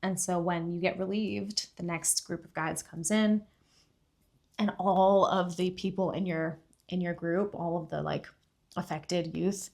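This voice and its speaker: A young woman with a fairly low voice recounts a story in relaxed podcast chat. She rambles, stacks up fillers, and swings from near-whispers to loud outbursts. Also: gravelly. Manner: rambling, lots of "like" fillers, drops to a hush then bursts loud. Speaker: podcast guest.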